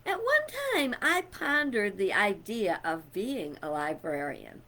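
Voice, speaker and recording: Middle-aged woman, casual vlog chat, loud and bright, slow unhurried delivery. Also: mid-range voice, big pitch swings. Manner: chatty, loud, rambling with fillers and laughs. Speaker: vlogger.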